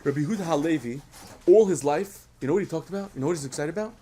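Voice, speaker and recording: At a children's program, a man tells a story with lots of energy, firing questions at the kids as he goes. His voice is a little high and rapid-fire, with slight background noise.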